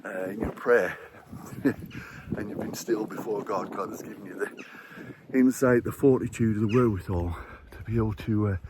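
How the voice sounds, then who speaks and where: A man's voice: fairly low pitch, normal speed, background noise. A man vlogging outdoors while climbing stairs, a little short of breath, chatting in a rambling way and chuckling often as he reflects on faith. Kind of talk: casual walking vlog with faith reflections.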